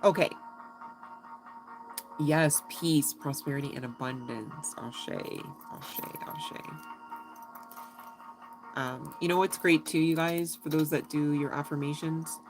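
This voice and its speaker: A woman reads tarot cards in a loose, chatty way, giggling often and swearing without a second thought. Her voice sits unusually deep for a woman. Music plays clearly behind her. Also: steady tone, a little slow, low-quality recording. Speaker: tarot reader. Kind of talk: casual live tarot reading.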